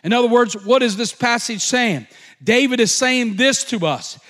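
A man preaching a sermon, slow and emphatic, repeating key phrases with occasional fillers. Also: very high-pitched, a bit bright. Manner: emphatic repetition, slow deliberate delivery with fillers.

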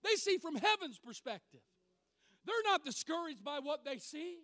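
A man preaching a sermon, emphatic, swinging from loud declarations to quiet asides. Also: very high-pitched, sing-song, moderate pace, dry recording, studio quality.

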